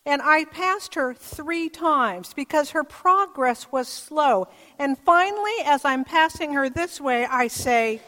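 A woman pastor giving a sermon in a church, telling stories in a gentle, measured way. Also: high voice, animated. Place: church sanctuary. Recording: long church reverb.

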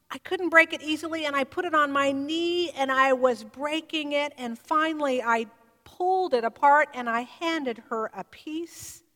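A woman preaching, retelling a story in a measured, vivid way. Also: high-pitched, fairly bright tone. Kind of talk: sermon storytelling. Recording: reverberant hall.

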